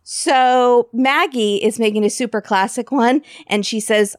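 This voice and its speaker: A woman's voice: mid-range voice, measured pace, hardly any pauses, no echo, studio quality. A woman co-hosting a podcast, casually recapping a TV episode with jokes and laughter. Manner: chatty, jokey, laughs often. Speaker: podcast co-host.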